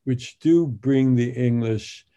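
Older man, podcast guest, halting speech, slow, mellow tone. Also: medium pitch. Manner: halting, many fillers and restarts. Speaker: guest translator of biblical poetry. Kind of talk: podcast interview.

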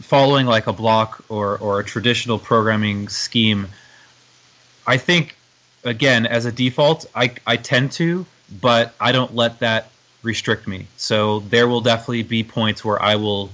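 A man's voice: medium pitch, steady tone, normal speed, a bit bright, highs cut off. A man who is a guest in an interview, speaking reflectively and hesitantly, often restarting his sentences. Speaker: guest, strength coach and nutrition formulator. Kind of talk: conversational interview.

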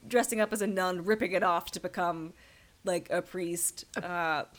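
A woman's voice: fairly low pitch, steady tone, moderate pace. Gushing, enthusiastic woman talking films. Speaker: podcast co-host. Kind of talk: casual movie discussion.

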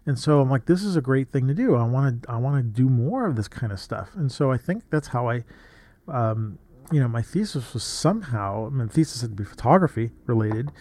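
A man's voice: mid-range voice, lively intonation, brisk, a little mellow, no echo. A man in his fifties, a photographer, talking casually and reflectively, rambling with frequent restarts and asides as he reads from an old journal. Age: 50s.

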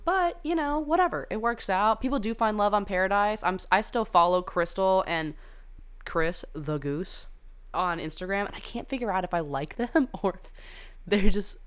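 A woman's voice: on the low side, clear, resonant tone. Chatty, profane young woman gossiping. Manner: chatty, gossipy and profane, frequent "like" fillers and tangents. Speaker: podcast host reviewing a reality dating show. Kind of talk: casual chat.

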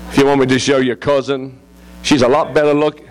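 Joking English missionary preacher. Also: male voice, mid-range voice, flat delivery, a little fast. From England. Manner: joking, rambling, laughs often. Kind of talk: informal sermon.

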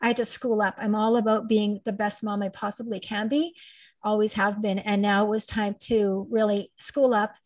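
A woman's voice: medium pitch, little pitch movement, normal speed, dry recording. A middle-aged woman, a guest in an interview telling her story in an emphatic, rambling way. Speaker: guest, parent advocate and trainer. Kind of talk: conversational interview.

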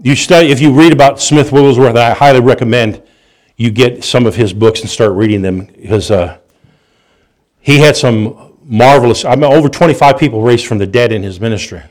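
A man preaching a sermon, telling stories with animated delivery, restarts and chuckles. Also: mid-range voice, a little fast.

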